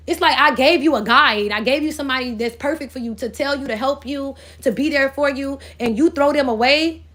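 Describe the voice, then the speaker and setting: A fairly bright, high-pitched female voice belongs to a spiritual reader. Her astrology reading is casual, crude, direct, and meandering, delivered as though spirits were speaking through her.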